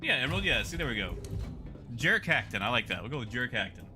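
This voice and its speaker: A man's voice: medium pitch, big pitch swings, quick pace, music in the background. A man streaming a game, chatting casually and rambling in a self-mocking way.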